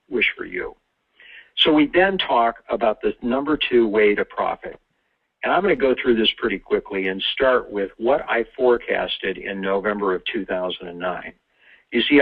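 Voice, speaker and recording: Husky man presenting over a phone line. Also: on the low side. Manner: upbeat, salesy, quick delivery with asides. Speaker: real estate investor and webinar host. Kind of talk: presenting a webinar. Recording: tinny phone-line audio.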